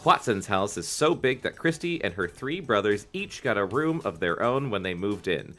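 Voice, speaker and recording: A man co-hosting a comedy podcast, reading a children's book aloud with jokey asides and squeaky put-on voices. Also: big pitch swings, moderate pace, sharp tone.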